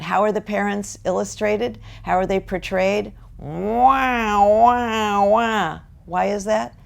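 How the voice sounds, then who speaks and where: An older American woman lectures parents in a slow, deliberate way, sometimes acting out what parents say. Her voice sits low and carries a gravelly edge. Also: darkish tone. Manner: slow deliberate delivery with acted-out parent quotes. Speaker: parenting educator.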